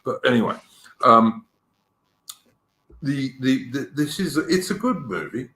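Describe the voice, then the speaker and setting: A man's voice: mid-range voice, sing-song, slow, pushed and bright. Rambling middle-aged English man, echoey room. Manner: rambling and opinionated. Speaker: podcast host. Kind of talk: casual live-stream chat.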